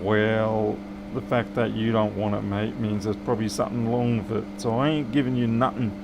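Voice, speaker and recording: A man's voice: fairly low pitch, fairly even intonation, normal speed, creaky, noisy background. Aussie man muttering through a repair. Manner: muttering banter to viewers while working. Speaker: electronics repair technician. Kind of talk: live-streamed repair chat.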